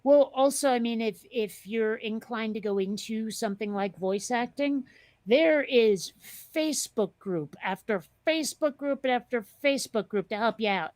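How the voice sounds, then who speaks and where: Rambling chat-show host, woman, fairly high voice, dry close mic. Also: normal speed, a little mellow, no echo. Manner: chatty, rambling, many fillers and restarts. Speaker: podcast host. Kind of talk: casual chat.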